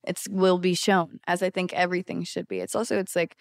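A woman's voice: on the low side, fairly quick, gravelly, no room sound, clean studio sound. Chatty young woman telling a story. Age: 20s. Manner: animated storytelling, heavy "like", swears freely. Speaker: podcast guest. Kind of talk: casual chat.

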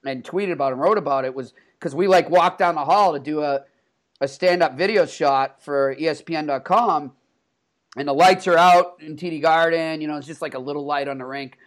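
A man co-hosting a podcast, telling animated stories about a hockey player with lots of laughter and restarts. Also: fairly high pitch, a little fast. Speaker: podcast co-host, hockey reporter. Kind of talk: casual storytelling chat.

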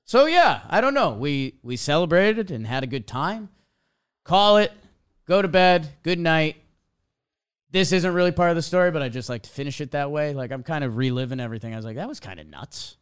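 In a smooth, brisk voice that sits a little high, a young man hosting a podcast tells a laid-back story. He acts out short quotes with animation as he goes.

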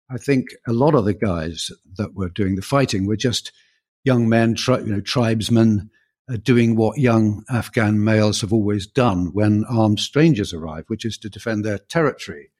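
A middle-aged British man co-hosting a history podcast, talking in a measured, reflective way with fillers as he tells a story. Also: fairly low pitch, a little mellow. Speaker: podcast co-host. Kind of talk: conversational history podcast chat.

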